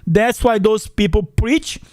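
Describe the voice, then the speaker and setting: High-voiced non-native English-speaking man. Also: slow pace, darkish tone, dry recording, clean studio sound. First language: not English. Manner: chatty, repetitive, addresses viewers as guys. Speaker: finance channel host. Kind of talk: casual livestream chat reading comments.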